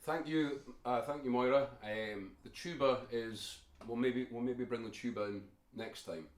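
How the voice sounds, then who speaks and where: A man's voice: medium pitch, a little slow. Scottish man, rambling chat, echoey room. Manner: rambling, hesitant with fillers. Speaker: band member. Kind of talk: casual chat during live stream. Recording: echoey room with live music.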